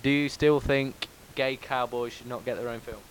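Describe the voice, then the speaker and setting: A man's voice: medium pitch, steady tone, moderate pace, slight background noise. A man hosting a casual podcast, joking and laughing, with plenty of ums. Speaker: podcast host. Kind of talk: casual banter.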